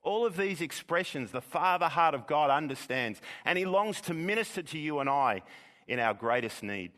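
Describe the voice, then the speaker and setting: A man preaching a sermon in an earnest, measured way, sometimes repeating words as he goes. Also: a little high, expressive, fairly bright tone, in a large hall. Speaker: pastor.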